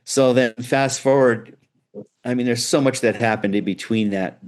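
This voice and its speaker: A middle-aged guitar builder appears as an interview guest, telling animated, loose stories and restarting frequently. His voice is medium-pitched and he speaks at a normal speed in this casual storytelling conversation.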